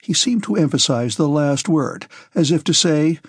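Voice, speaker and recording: A man narrating a classic novel as an audiobook, in a measured, even storytelling manner, close to the mic. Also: on the high side, breathy edge, dry recording.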